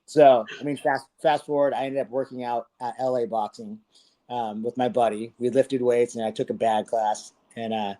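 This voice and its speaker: Male guest, 40s, from Southern California, casual slangy storyteller, mid pitch. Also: fairly even intonation, moderate pace, dark tone. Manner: laid-back slangy storyteller, laughs often, acts out quotes. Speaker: guest fighter.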